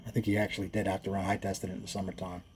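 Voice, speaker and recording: A man's voice: low voice, completely flat delivery, racing, a little hiss or hum. A man who builds engines, explaining his work in casual, rambling shop talk that wanders into stories, with frequent self-corrections and chuckles.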